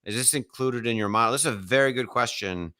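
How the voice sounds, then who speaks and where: A man hosting an investing live stream in a casual way, steering the talk briskly and handing questions to his co-host. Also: medium pitch, sharp tone.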